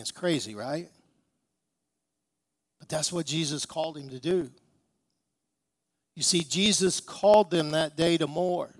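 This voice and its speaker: Pastor guy preaching, pretty high voice, emphatic, keeps asking the crowd questions. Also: dry recording. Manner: emphatic storytelling, rhetorical questions. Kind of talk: sermon.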